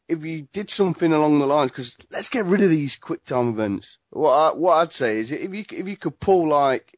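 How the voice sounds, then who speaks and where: A man's voice: mid-range voice, a little mellow, no echo. Male co-host, rambling casual talk, dry close-miked sound. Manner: rambling, restarts often while making a point. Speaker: podcast co-host. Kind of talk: casual chat.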